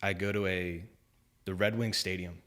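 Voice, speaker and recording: A young man telling a story on a podcast in casual chat, animated, acting out other people's lines. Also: low voice, moderate pace. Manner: animated storyteller, acts out quoted voices, lots of "like" and "man". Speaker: podcast guest.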